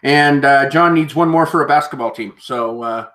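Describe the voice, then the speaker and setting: A man's voice: medium pitch, normal speed, a bit bright. A man hosting a live auction stream, chatting casually in an easygoing, rambling way. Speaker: auction show host.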